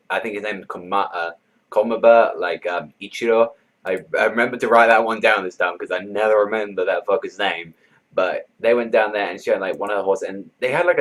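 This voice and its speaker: A man's voice: deep voice, poor audio. A man giving a casual, rambling anime episode review, full of fillers like "you know" and "like" and loose swearing.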